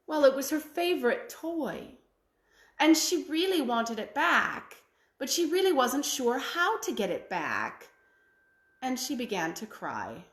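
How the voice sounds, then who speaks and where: A woman with a fairly high voice tells a children's fairy tale in an expressive, drawn-out way. Her pitch swings widely, and the room around her adds a noticeable echo. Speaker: library storyteller. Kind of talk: storytelling for children.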